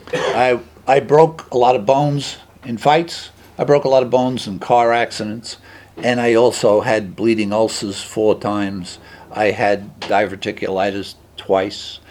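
Older man telling his story, low voice. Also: a little hiss or hum. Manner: animated, acts out dialogue in his anecdotes. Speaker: recovering alcoholic sharing his story. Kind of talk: personal storytelling talk.

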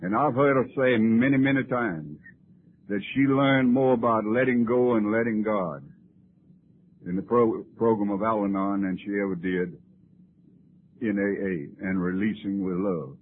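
A man's voice: lowish voice, measured pace, narrow, tinny audio. Man, folksy storyteller, wry humor, faint tape hiss. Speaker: recovery meeting speaker. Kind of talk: personal storytelling talk.

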